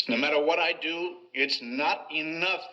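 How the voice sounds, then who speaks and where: A worn-out young ballplayer son at the end of his rope. His voice is high and bright with strain, and the sound is dull and lo-fi like an old film print. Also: moderate pace. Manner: strained, pleading.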